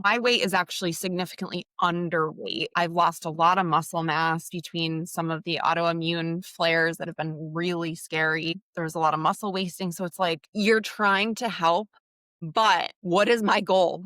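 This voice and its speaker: A woman's voice: lowish voice, steady tone, normal speed, a bit bright, no room sound, studio quality. A woman hosting a podcast interview, talking frankly and expressively and acting out the exchanges she describes. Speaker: podcast host. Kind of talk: candid conversational interview.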